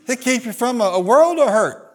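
In a church sermon, an animated pastor with a very high-pitched voice speaks fairly quickly, prompting responses from the congregation and acting out figures from his tales.

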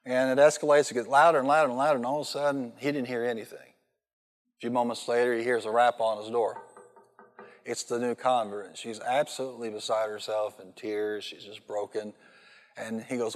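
A male pastor gives an animated sermon that mixes humorous stories with calls for the congregation to answer back. His voice sits at a mid pitch, and each phrase rings out into the long reverb of a large church hall. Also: fairly quick. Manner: animated storytelling with call-and-response.

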